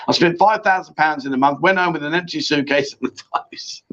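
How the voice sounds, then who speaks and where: A man's voice: a little high, moderate pace, fairly bright tone. A man hosting a casual live-stream chat show, chatty and bantering with his co-host. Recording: dull lo-fi stream audio.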